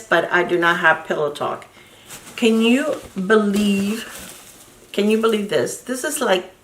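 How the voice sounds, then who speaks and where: A woman's voice: mid-range voice, fairly bright tone. A woman in her sixties chatting enthusiastically as a beauty vlogger unboxing products in a casual, gushing way. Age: 60s. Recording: roomy echo, distant mic, faint noise.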